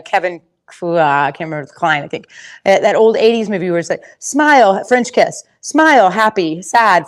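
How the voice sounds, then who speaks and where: Rambling, chatty woman coaching with horses. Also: mid-range voice. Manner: rambling and chatty, many fillers and restarts. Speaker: horse trainer and confidence coach. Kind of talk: casual teaching talk.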